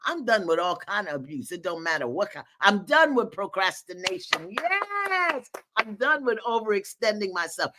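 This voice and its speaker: A woman hosts a live community call from her countryside home, reading comments aloud in a folksy, preacherly manner. Her voice is bright and ringing, and her pitch leaps up and drops low. She laughs freely and keeps cheering her listeners on. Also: normal speed. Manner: animated, laughing, folksy and preacherly, calls out encouragement. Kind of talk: lively live-stream talk, reading viewer comments aloud.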